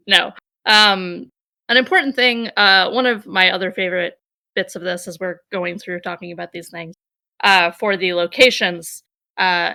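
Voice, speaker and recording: A woman's voice: on the low side, vocal fry, pushed and bright, no echo. A woman co-hosting a tabletop game chat, chatty and self-deprecating. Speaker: podcast co-host. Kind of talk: casual chat.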